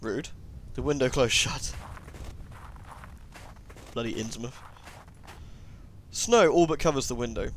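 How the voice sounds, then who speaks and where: A man's voice: medium pitch, slow pace, long pauses, slight background noise. A young man giving casual, jokey commentary while playing a game, often muttering asides. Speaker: let's play gamer.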